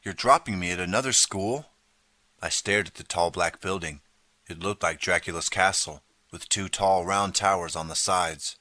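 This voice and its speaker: A man's voice: low voice, pushed and bright, no room sound. A man reading a children's horror story aloud as an audiobook narrator, in dramatic first-person storytelling. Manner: dramatic storytelling, turns pleading for the boy's lines.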